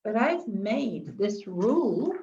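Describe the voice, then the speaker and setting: A woman's voice: mid-range voice, sing-song, takes it slowly, mellow, distant mic, dull audio. A woman giving chatty advice in a live stream, often repeating and restarting words. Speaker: wellness coach.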